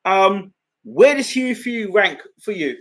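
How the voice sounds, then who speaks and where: A man's voice: high voice, lively intonation, unhurried, fairly bright tone. A male host asking short questions and adding brief acknowledgements.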